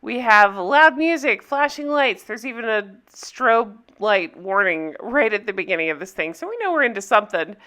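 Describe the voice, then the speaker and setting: A woman's voice: mid-range voice, animated, moderate pace, hardly any pauses, sharp tone. A woman hosting a casual TV recap vlog, chatty and giggly. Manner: chatty, giggly, keeps slipping into joke voices. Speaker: TV recap vlogger.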